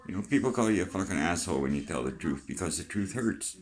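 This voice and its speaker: An older Canadian man talks freely in a rambling vlog monologue, his low voice expressive and quick. He's chatty and plain-spoken, letting a swear word slip now and then.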